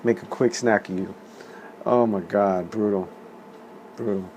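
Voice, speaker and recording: A man in his thirties rambles through a story in a loose, profane, chatty way and laughs often. His voice sits fairly low, with a faint hum of background noise behind it. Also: steady tone, measured pace, a little mellow. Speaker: vlog host.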